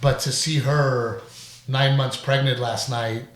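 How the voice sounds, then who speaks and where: A middle-aged man hosting a podcast in casual chat, animated and quick to laugh, with the odd curse. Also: mid-range voice. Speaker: podcast host. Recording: roomy echo.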